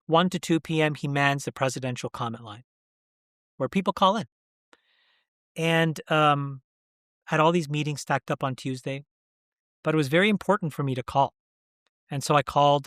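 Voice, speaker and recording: A man's voice: mid-range voice, a bit bright, dry recording, clean studio sound. A man in his forties, a guest in an interview, talking earnestly and emphatically, often restarting mid-sentence. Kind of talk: candid interview conversation.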